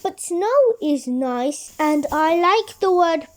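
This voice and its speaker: A woman's voice: high-pitched, lively intonation, slow pace. A woman voicing a stubborn, dreamy little girl while reading a storybook aloud. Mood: insistent.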